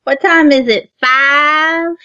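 A woman's voice: high voice, fairly even intonation, takes it slowly, bright, forceful tone, dry recording, highs cut off. A woman with a Southern accent, co-hosting a gaming podcast, self-mocking and laughing often. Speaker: podcast co-host. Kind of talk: casual podcast chat.

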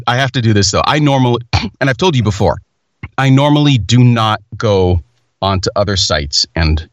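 Man, casual podcast host, somewhat low voice, lively intonation, rambling, dry sound. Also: no echo. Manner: rambling, self-mocking, animated storytelling. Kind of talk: casual chat.

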